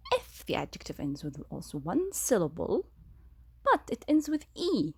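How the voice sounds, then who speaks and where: Woman teacher, slow and patient, gravelly and a little husky, lively pitch, classroom grammar lesson. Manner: slow, repeats key words, asks questions.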